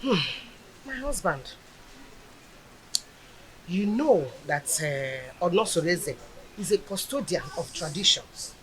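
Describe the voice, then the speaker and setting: A woman's voice: mid-range voice, big pitch swings, unhurried, pauses often. An actress with a Nigerian accent playing a confident mother soothing her worried husband. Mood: reassuring. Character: reassuring traditional mother, confident.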